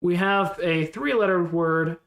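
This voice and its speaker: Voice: mid-range voice, a little slow, a bit bright. A streamer in casual live-stream commentary, thinking aloud in a rambling, unsure way and replying to chat in passing.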